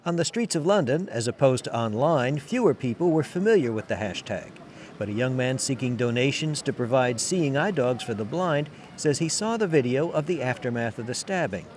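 Male radio correspondent, measured scripted delivery, mid-pitched, faint street sound behind. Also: a little hiss or hum. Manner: measured, even newsreader delivery. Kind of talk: scripted news report.

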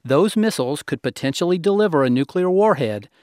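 A male national security correspondent reading a scripted news report in a measured, emphatic way. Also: a little high, lively intonation, darkish tone, dry recording, studio quality.

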